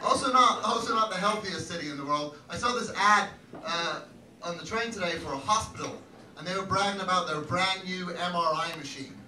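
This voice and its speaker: A man with a fairly high voice delivers a wry, self-deprecating stand-up comedy set, breaking into loud shouted bits. He sounds a little far from the mic in an echoey comedy club, with heavy crowd laughter around him. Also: brisk. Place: comedy club stage with live audience.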